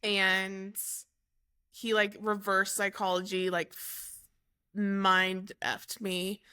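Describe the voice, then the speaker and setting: A young woman calmly recounting a painful personal story as an interview guest, halting and correcting herself as she goes. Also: mid-range voice, smooth. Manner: unhurried, halting, with fillers and self-corrections. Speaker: guest telling her story.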